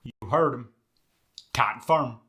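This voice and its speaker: A man's voice: medium pitch, measured pace, pushed and bright. A man playing a folksy Midwest farmer guest in a comic accent lesson, speaking with a Midwest Farm Belt accent and drawing out his demonstrations. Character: folksy grown male Midwest farmer type.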